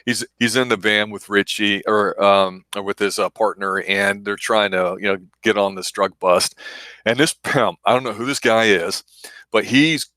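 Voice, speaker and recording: A man hosting a casual movie review podcast, telling stories with animated laughter. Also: on the low side, moderate pace, no room sound. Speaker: podcast host.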